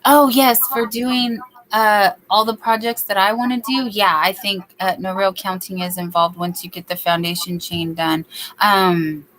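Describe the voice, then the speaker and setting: A woman's voice: mid-range voice, fairly even intonation, unhurried, fairly bright tone, low-quality recording. Chatty woman hosting a late-night craft stream. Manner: chatty, reads viewer comments aloud, baby-talks to her dog. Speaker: livestream host. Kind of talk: casual chat while crocheting.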